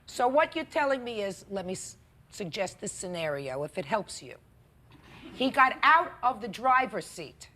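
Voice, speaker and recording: A woman's voice: medium pitch, big pitch swings, moderate pace, bright, forceful tone. A woman presiding as a TV courtroom judge, stern and scolding, cutting the litigants off. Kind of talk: courtroom arbitration. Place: courtroom studio.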